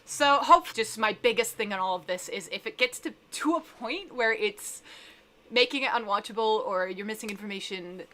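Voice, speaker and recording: Bright-voiced chatty Southern woman. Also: mid-range voice, moderate pace. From Southern United States. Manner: chatty, rambling, self-deprecating, reads chat aloud. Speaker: live stream host. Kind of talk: casual live-stream chat.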